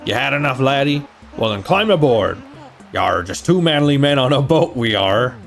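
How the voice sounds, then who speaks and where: A man's voice: mid-range voice, big pitch swings, moderate pace, vocal fry, a bit bright, faint music behind, pitched above the performer's own voice. A man putting on a jolly pirate turtle captain. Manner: pirate talk, jolly and teasing. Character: gruff male sea-captain turtle boatman. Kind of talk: reading game dialogue aloud.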